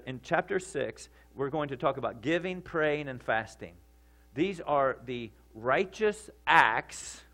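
A man preaching a sermon in a conversational way, often checking in with his listeners and getting louder and higher for emphasis. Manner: rises in pitch and volume for emphasis. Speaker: pastor.

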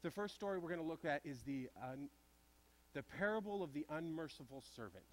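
A man's voice: fairly high pitch, expressive, brisk. A man preaching a sermon in a church, conversational and asking the congregation direct questions. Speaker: pastor.

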